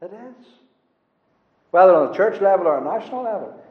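A man preaching a sermon, swinging between loud rising declarations and hushed low asides. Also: sing-song, a little fast. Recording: roomy hall echo, dull lo-fi sound.

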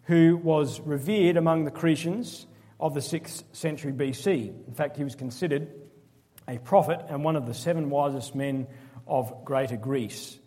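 A man preaching in a sermon, his voice somewhat higher than most men's. He speaks with emphasis, slowing for key phrases and slipping in dry, sarcastic asides. The sound rings with the long reverb of a church hall. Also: warm tone.

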